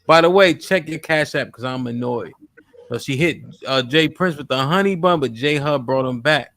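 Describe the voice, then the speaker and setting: A man hosting a livestream talk show, reading donor messages aloud quickly and asking guests direct questions. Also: mid-range voice, a bit bright, no room sound. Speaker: livestream host. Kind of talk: casual chat, reading super chats aloud. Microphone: studio microphone.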